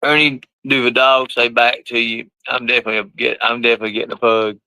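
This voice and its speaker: A man chatting casually on a live stream, talking to his pets and viewers in rough, colloquial speech and swearing freely. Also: mid-range voice, level tone, fast talker, pushed and bright, no echo, rough recording.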